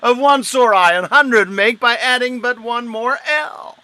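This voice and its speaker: An actor playing a pedantic, wordy schoolmaster in a live-streamed Shakespeare reading, with pompous Latin-sprinkled flourishes. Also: male voice, very high voice, measured pace, sharp tone, full character voice. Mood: boastful.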